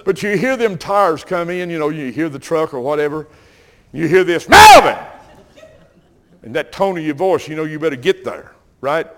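An older man with a Southern US accent preaches a sermon, telling folksy, animated stories and calling out to the congregation. His voice is on the high side and fairly quick.

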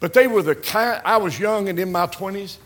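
An older man with a drawl preaches in a folksy way, leaning on repeated amens. His voice sits high, and he pushes his lines up to strong emphasis. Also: brisk. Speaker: pastor. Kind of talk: sermon.

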